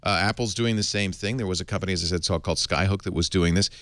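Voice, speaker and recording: A man's voice: sits low, fast, smooth, no echo. A middle-aged man hosting a podcast, reading tech news in a casual, wry way. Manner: wry, animated, slips into comic voices. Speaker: podcast host.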